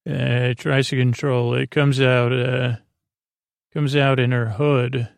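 A man hosting a podcast, giving a rambling bedtime recap of a TV episode and halting often with fillers and self-corrections. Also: mid-range voice, level tone, creaky, clear, resonant tone, dry recording. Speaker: podcast host.

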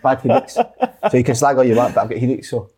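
A Scottish man co-hosting a podcast, quick and joking in casual banter. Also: medium pitch, very animated, mellow, slightly rough. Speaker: podcast co-host.

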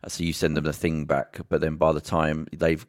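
A man's voice: rumbling low, completely flat delivery, moderate pace, dry recording, clean studio sound. A man chatting casually on a podcast, telling a story with lots of swearing. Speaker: podcast guest. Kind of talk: casual chat.

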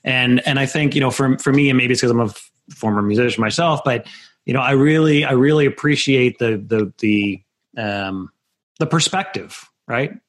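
A man's voice: mid-range voice, normal speed. Host guy asking a long question, stumbles and repeats himself, plain mid voice. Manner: hesitant, repeats words. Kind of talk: interview questions.

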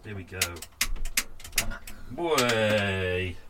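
A man's voice: on the low side, animated, very slow, heavy background noise. A man with a London accent chatting casually on his boat while making coffee, rambling and swearing with self-mocking asides. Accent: London English. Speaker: vlogger living on a boat.

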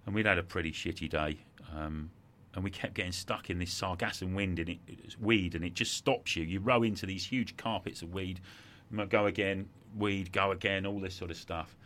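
Low, bright-voiced man telling a hard story. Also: steady tone, normal speed, few pauses. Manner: reflective, repeats words when moved. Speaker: guest. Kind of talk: emotional storytelling in conversation.

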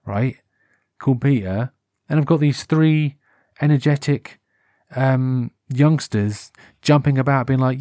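A man's voice: medium pitch, normal speed, dry recording. Rambling British man, dry close mic. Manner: rambling, self-correcting, breaks into animated put-on voices. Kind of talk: unscripted solo monologue. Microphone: headphones with a wired mic.

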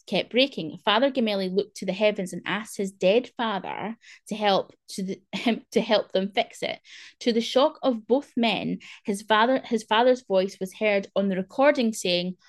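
A woman's voice: mid-range voice, moderate pace. A young woman hosting a podcast, chatting in a rambling way full of fillers. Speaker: podcast host. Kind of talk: casual chat.

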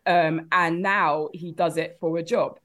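A woman guest on a comedy podcast, ranting in an animated comic style. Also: on the low side, a little slow.

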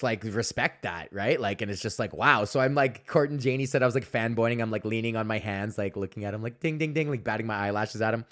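A young man hosting a podcast, telling rambling, profane stories in a casual monologue and laughing often. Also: mid-range voice. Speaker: podcast host.

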